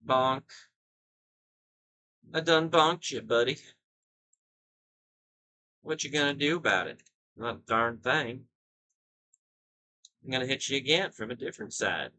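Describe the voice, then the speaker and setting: A man's voice: mid-range voice, slow pace, few pauses, pushed and bright, no room sound, pitched above the performer's own voice. A man putting on a mocking, drawling cavalryman. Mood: taunting. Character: taunting folksy male cavalry soldier.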